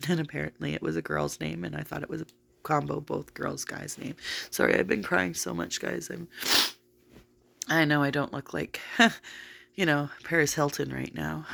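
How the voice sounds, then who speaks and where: A woman's voice: deep voice, fairly even intonation, moderate pace, creaky, long pauses, fairly bright tone. A woman telling a long personal story in a casual vlog, rambling with many fillers. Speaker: vlogger.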